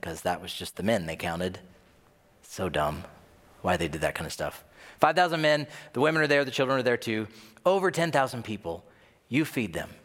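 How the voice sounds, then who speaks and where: A man preaching a sermon in a conversational, animated way, often acting out bits of dialogue. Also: fairly low pitch. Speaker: pastor. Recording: long reverb of a large hall.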